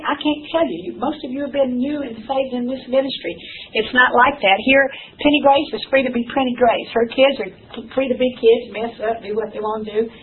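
Older woman preaching from afar, tinny. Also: high voice. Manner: earnest, emphatic, folksy, repeats key phrases. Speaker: speaker teaching ministry wives. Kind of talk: church teaching talk. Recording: distant, phone-like, faint hiss.

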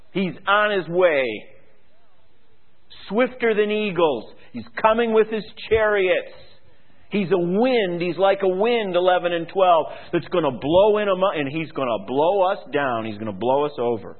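A man's voice: lively intonation, measured pace. A man preaching a sermon, reading scripture and urging listeners to repent, with emphatic delivery. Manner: emphatic, rises high when mimicking complacent people. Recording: phone-like lo-fi radio broadcast.

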